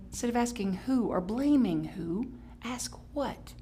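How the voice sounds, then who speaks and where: Woman pastor delivering a casual, animated Sunday sermon; playful and conversational with a faint hum behind her. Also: measured pace, few pauses. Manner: animated and playful, with sudden high exclamations; chatty, with restarts and self-correction. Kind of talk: live-streamed Sunday sermon.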